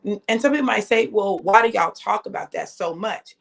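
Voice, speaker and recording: A woman in her fifties hosts a casual live stream, telling a story in an animated, chatty way. She talks straight to her viewers. Her voice sits at an ordinary middle pitch for a woman. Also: a little fast, creaky. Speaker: host.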